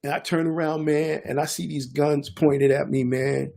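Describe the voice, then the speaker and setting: An older man, a DJ and producer telling a story in a casual interview, animated and acting out the voices of others. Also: a little high, moderate pace, creaky. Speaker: guest DJ and producer.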